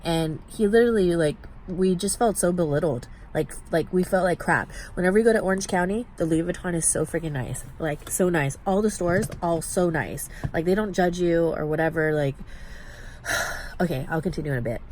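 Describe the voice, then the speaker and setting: A woman vlogging from a shopping mall, telling a story in a chatty, animated way with many "like" fillers. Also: lowish voice, normal speed, a little hiss or hum. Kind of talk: casual storytime chat.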